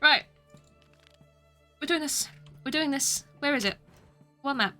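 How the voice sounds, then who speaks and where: A woman's voice: sits high, measured pace, bright, forceful tone, faint music behind. A young woman streaming a video game, chatting along with giggly, self-mocking asides. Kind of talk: live gameplay commentary.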